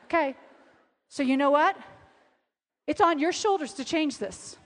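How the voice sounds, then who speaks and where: A woman preaching a sermon at a conference, telling stories with lively acted-out quotes. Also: sits high, unhurried. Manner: animated storytelling, acting out quotes. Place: large hall. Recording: reverberant hall.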